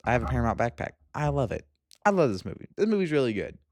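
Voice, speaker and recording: A young man reviewing movies in a casual vlog, excitable and gushing, with lots of fillers. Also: mid-range voice, fast talker, a little hiss or hum. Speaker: movie vlogger.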